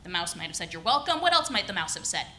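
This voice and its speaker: A woman leading children's story time in a church service, gentle, encouraging and animated as she guides the kids. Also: fairly low pitch, quick pace, slight background noise, poor audio. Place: church sanctuary.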